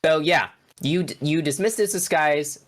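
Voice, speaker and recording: A man's voice: a little high, moderate pace. A man running a horror tabletop game as game master, narrating in a loose, chatty way with many restarts.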